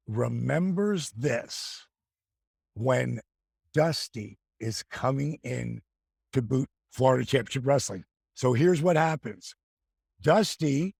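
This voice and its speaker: Gravelly, animated male storyteller. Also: a little high, dry recording, clean studio sound. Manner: animated storyteller acting out quoted voices. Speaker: guest.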